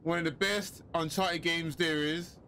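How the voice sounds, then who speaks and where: A man giving chatty, excitable let's-play commentary with joking asides. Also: fairly high pitch, unhurried, slight background noise. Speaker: gaming commentator.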